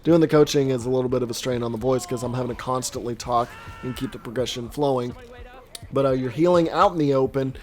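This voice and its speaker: Slightly strained high-ish male gameplay commentator. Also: slight background noise. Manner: animated, quick reactions, self-deprecating asides. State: voice strained from long recording. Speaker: host giving gameplay coaching commentary. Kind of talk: casual commentary over gameplay footage.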